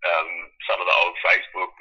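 Husky low-voiced man on a phone line. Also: monotone, fairly quick. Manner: rambling with fillers. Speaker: guest on a phone call. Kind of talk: casual chat. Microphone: phone call.

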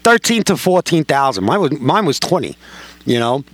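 A man's voice: on the high side, moderate pace. A middle-aged man, a podcast guest telling casual stories full of swearing and acted-out quotes. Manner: heavy swearing, lively anecdotes with acted-out quotes. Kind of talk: casual storytelling.

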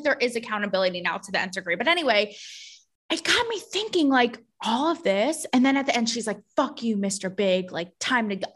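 Brief: woman podcast host, solo rant, sarcastic and profane, bright forceful tone, slightly high voice. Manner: sarcastic and blunt, swears, mocking voices. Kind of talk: opinionated solo podcast monologue.

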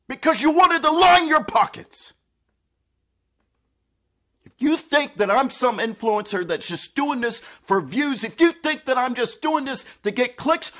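Guy yelling an angry speech, super high pitch, bright sharp tone. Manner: shouting, angry, accusatory. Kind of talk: impassioned speech to camera.

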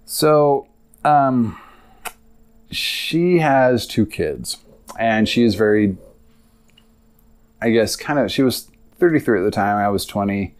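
A man's voice: fairly low pitch, expressive, takes it slowly, pauses often. A man hosting a podcast, telling a long personal story in a rambling, confessional way with many fillers. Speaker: podcast host. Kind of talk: casual storytelling monologue.

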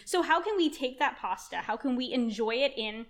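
A woman in her thirties, a chef guest on a podcast, talking in an enthusiastic, rambling way and firing questions at herself. Her voice sits a little high. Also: expressive, brisk. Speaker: chef and culinary nutrition guest. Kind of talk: conversational podcast interview.

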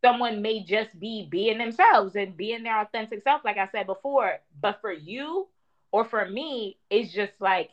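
A woman co-hosting a podcast, talking in a measured, reflective way as she works through her thoughts. Her voice sits at an ordinary middle pitch, and the recording sounds a bit dull and muffled. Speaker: podcast co-host. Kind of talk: casual chat and reading a sponsor note.

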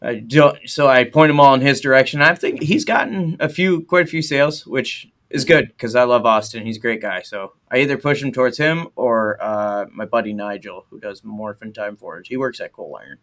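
A man's voice: mid-range voice, normal speed, hardly any pauses, a bit bright. Man, laid-back, swears casually, laughs easily, podcast chat. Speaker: blacksmith and podcast host.

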